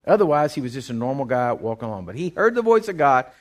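A middle-aged man, preaching a sermon in a folksy, animated way with lots of restarts. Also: medium pitch, fast. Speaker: pastor.

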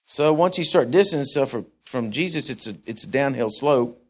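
A man's voice: medium pitch, lively intonation, a little fast, darkish tone. A man preaching a sermon in a conversational way, musing aloud and often correcting himself.

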